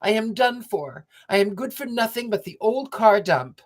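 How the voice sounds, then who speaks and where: A man's voice: high voice, lively intonation, moderate pace, voice pushed up. A man voicing a worn-out little old car in a read-aloud storybook, mournful and self-pitying. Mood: despairing. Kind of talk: storybook reading.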